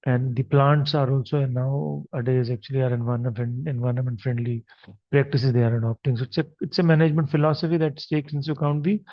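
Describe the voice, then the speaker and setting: A man's voice: medium pitch, steady tone, fast talker, dry recording. Man, indian english accent, unscripted lecture, many fillers, dry muffled recording. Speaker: marketing lecturer. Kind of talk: recorded lecture over slides. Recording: dry, slightly dull recording.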